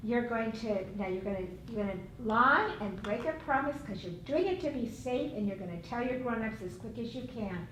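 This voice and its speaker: High, lively woman leading a workshop. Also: fairly quick, hardly any pauses, slight background noise. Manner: upbeat, encouraging, directive. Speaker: safety instructor. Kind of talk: interactive workshop teaching. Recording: echoey room, distant mic.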